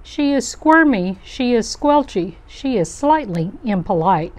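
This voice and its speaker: Slow, gentle storybook reader, woman. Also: fairly high pitch, expressive. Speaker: storybook reader for a youth club. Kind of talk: children's picture-book read-aloud.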